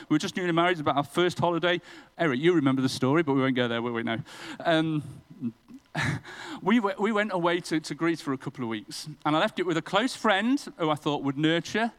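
A man's voice: on the high side, lively intonation, fairly quick, fairly bright tone, low-quality recording. A man preaching a sermon in a church, telling a personal story with self-deprecating humour.

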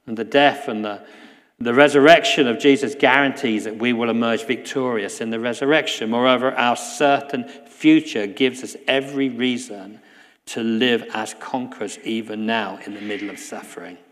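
A man preaching a sermon in a church, earnest, often dropping to a soft hush. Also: medium pitch, steady tone, normal speed, big-room sound. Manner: earnest, drops to a soft hush at key lines. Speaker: guest preacher.

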